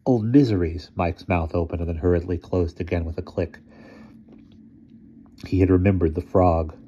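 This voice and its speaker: A man reads a short story aloud, steady and measured. His voice sits low with a dark, mellow tone. The recording sounds dull and lo-fi. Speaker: story reader. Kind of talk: storybook reading.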